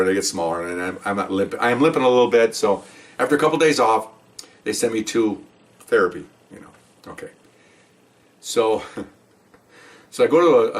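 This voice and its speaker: A man's voice: fairly low pitch, distant mic. An older man, a retired police officer, telling a story in a casual, rambling way and often checking in with "okay?". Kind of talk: casual spoken anecdote.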